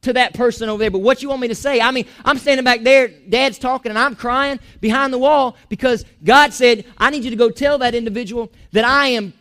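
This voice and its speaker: A man preaching a sermon in a church, animated, joking and going off on asides. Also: very high-pitched, fairly quick, few pauses. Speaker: pastor.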